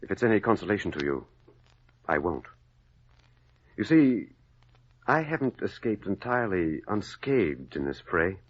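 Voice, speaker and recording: An actor playing a proud, aloof young gentleman, speaking in a cool, cutting manner, in 1940s radio acting on a dull old radio broadcast. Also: sits low, big pitch swings, a little slow, pauses often, exaggerated voice. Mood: cold.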